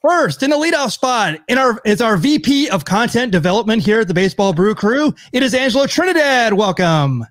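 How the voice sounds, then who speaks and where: A man's voice: high voice, a little fast, hardly any pauses, no room sound, clean studio sound. A man hosting a podcast in a casual way, introducing co-hosts and stumbling over his words now and then. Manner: relaxed, many fillers and restarts introducing co-hosts. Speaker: podcast host. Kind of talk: casual chat.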